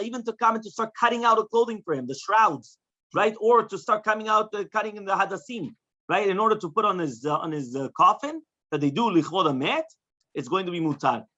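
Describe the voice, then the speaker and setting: A man's voice: mid-range voice, bright, forceful tone. A man, a rabbi, teaching a Talmud class to students. He translates the text phrase by phrase and keeps checking in with "right?" and "yeah?". The recording is dull and lo-fi. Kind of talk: Talmud study lecture.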